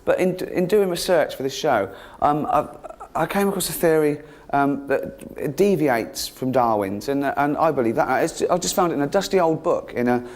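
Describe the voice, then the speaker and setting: A man doing a stand-up routine, sardonic and mocking, often jumping up into a high, exasperated pitch. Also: animated, normal speed, hardly any pauses. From England. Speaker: stand-up comedian. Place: theatre stage with live audience.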